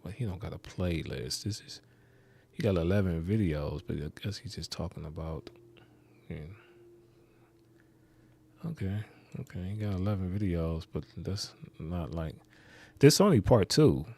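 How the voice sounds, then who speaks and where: A man's voice: deep voice, animated, normal speed, gravelly, pauses often, dark tone, breathy edge. A man hosting a reaction video, rambling and skeptical, muttering asides as he comments.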